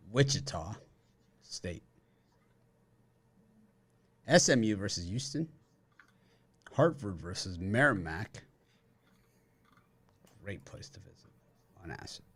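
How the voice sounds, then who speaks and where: A man hosting a sports betting show, rattling off college matchups and cracking dry jokes between them. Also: lowish voice. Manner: joking, rattles off matchups with wisecracks. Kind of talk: casual sports betting chat.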